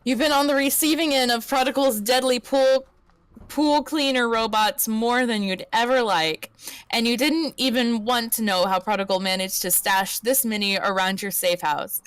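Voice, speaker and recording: A woman's voice: a little high, steady tone, normal speed, a bit bright, smooth, no echo. Speak as a woman streamer reading a story aloud, dry and close. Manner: reads narration aloud, stumbling and correcting herself, laughs often.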